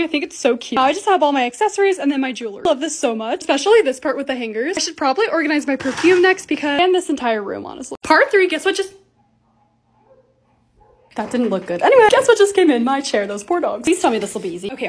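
A young woman vlogger chatting through a casual voice-over, bubbly and excitable. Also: high-pitched, a little hiss or hum. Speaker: lifestyle vlogger.

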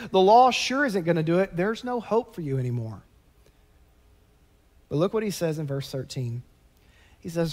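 A man with a drawl preaching from the pulpit, his voice pitched high for a man. He moves between easy, conversational explanation and fervent, emphatic bursts, and his words ring out through a church sanctuary with a long, echoing reverb. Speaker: pastor. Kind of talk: sermon.

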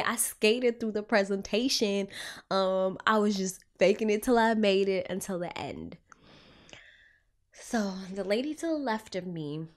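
A young adult woman, a clinician who also hosts a podcast, tells a story casually and expressively in a mid-range voice. She acts out her own thoughts as she goes.

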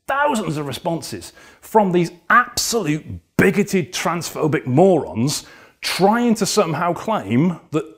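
Exasperated man ranting on podcast. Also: fairly high pitch. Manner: exasperated, indignant, swears freely. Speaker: podcast host. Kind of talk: solo podcast rant.

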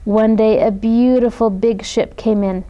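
A woman reading a children's picture book aloud in a gentle, expressive way, putting on voices for the characters. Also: fairly high pitch, unhurried, dull audio. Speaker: storybook reader. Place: community media studio.

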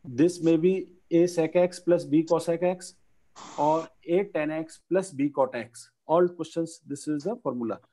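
A man, teaching a maths lesson and dictating each step slowly. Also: on the high side, mellow, rough recording.

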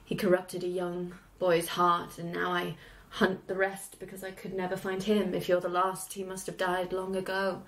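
A woman imitating a bitter, vengeful knight in a low, solemn voice. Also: completely flat delivery, moderate pace, fairly bright tone, far from the mic, low-quality recording. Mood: grim.

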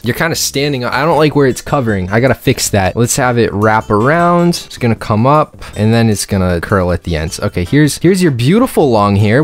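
Young guy, low voice, rambling teasing drawing commentary over soft music. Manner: joking, rambling, mock-teasing asides. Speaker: YouTuber drawing subscribers. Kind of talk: casual commentary while drawing.

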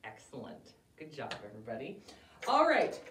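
A cheerful woman leads children through rhymes and a story, her pitch jumping all over. She sounds a little far from the mic, in a roomy, echoing space. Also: moderate pace, slight background noise. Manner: cheerful, animated, talks to kids. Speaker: children's storytime host at a library. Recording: roomy echo, distant mic.

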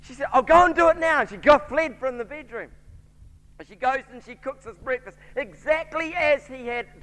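A man's voice: extremely high pitch, fairly bright tone, clear, resonant tone. A man with a New Zealand accent preaching a sermon, telling a story and voicing its characters. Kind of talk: sermon with anecdote. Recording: church hall reverb.

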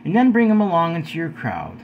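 A man's voice: a little high, huge pitch swings, a little fast, gravelly, narrow, tinny audio, slight background noise. A man in his forties, talking earnestly to his viewers from home in a preachy vlog, often calling them guys. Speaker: video host. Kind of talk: earnest spoken vlog talk.

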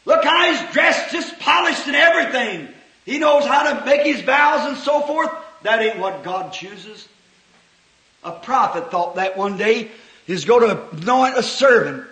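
A man preaching a sermon at a church service, swinging from hushed, folksy talk to sudden impassioned shouts. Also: very high voice, expressive, unhurried. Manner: folksy, homespun phrasing. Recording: echoey old church sermon recording.

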